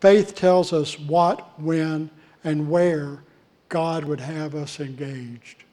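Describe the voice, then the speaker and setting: A male pastor preaching a sermon in a measured way, with deliberate pauses between phrases. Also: fairly high pitch, fairly even intonation, mellow. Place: church.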